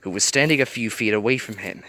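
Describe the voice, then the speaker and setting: Bright-voiced man reading a story aloud. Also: on the low side, fast, dry recording. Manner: animated storytelling, varied voices. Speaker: reader. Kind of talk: reading fan fiction aloud.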